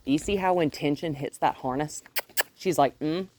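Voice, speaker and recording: A woman dog trainer explaining a training session outdoors, calm when explaining and high and sing-song when praising the dog. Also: normal speed, noisy background.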